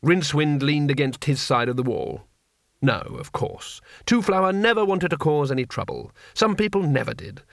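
Male narrator with a lively, wry read, close and dry, for an audiobook. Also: a little high, moderate pace, vocal fry, dry recording. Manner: wry and expressive. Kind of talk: scripted narration.

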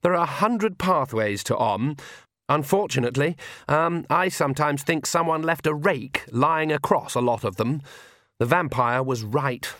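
Fussy, earnest young priest, halting and slow, slightly raised pitch, voiced by a male reader. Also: a bit bright, no room sound, studio quality. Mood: earnest, hesitant. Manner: hesitant, halting with many ums, slow.

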